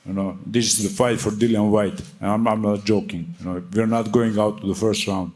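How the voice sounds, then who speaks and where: A man's voice: on the low side, fairly even intonation, brisk, a little mellow. A young man answering at a boxing press conference, fiery, defiant and full of swearing.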